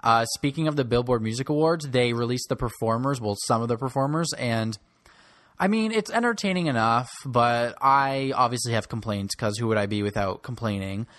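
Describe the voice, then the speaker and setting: A man's voice: medium pitch, brisk, fairly bright tone, no echo. A young man giving blunt, snarky opinions on pop music as host of a solo commentary show. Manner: snarky and blunt, rants about artists.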